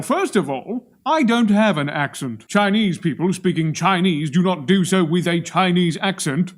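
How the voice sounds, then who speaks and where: Vlogger, man from Australia: projecting, wordy, dry wit, voice a bit on the high side. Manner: verbose, pontificating, projecting, wry. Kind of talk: monologue to camera.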